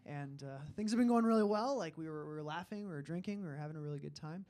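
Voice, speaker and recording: A man's voice: fairly high pitch, quick pace, a little mellow. A young man from Alberta, Canada, doing a stand-up comedy set, self-deprecating and rambling, with frequent fillers.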